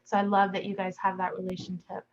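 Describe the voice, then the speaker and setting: A woman's voice: medium pitch, monotone, fast, lo-fi sound, slight background noise. A woman hosting a podcast, summing up the conversation in casual chat. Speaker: podcast host.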